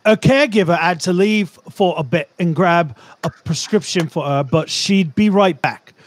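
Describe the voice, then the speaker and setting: A man putting on a gruff Cockney tradesman. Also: high-pitched, normal speed, a little hiss or hum, close to an everyday voice. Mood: storytelling. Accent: put-on Cockney. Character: gruff Cockney tradesman telling a job story.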